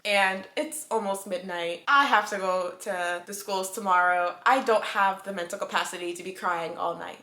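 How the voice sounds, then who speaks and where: Bright, gushing young woman vlogger. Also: mid-range voice. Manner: gushing, chatty, lots of "like". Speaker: book vlogger. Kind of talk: casual reading vlog chat. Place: home room at night. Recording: echoey room, faint music.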